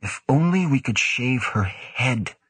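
A man's voice: mid-range voice, expressive, a little slow, fairly bright tone, slightly rough, no room sound, voice pushed up, exaggerated voice. A man voicing a tense, precise female neurophysiologist who speaks formally. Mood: frustrated. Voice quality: formal, clipped.

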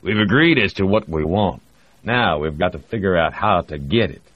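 A man voicing a gruff middle-aged American project director with a gravelly South Texas twang, blunt and folksy. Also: low-pitched, animated, normal speed, no room sound, voice pushed up. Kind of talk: audiobook character voice. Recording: dry, slightly muffled audio.

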